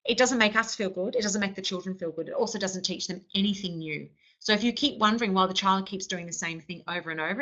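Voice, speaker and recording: Bright-voiced woman trainer, lo-fi. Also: medium pitch. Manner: explanatory, often checks in with "okay". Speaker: early childhood trainer. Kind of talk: instructional lecture.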